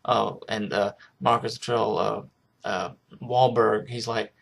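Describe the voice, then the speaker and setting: Gravelly, flat-voiced man recapping a film. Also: on the low side, slow. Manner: rambling, lots of restarts and "like". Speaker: film reviewer. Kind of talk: casual spoken film recap.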